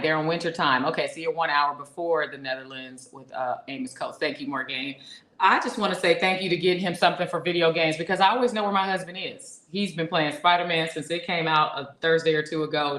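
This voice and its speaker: A woman with a low voice co-hosts a relaxed live-streamed talk show. She chats along and reads viewer comments aloud. Her voice carries the echo of the room. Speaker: podcast co-host. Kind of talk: casual live-stream chat. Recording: echoey room.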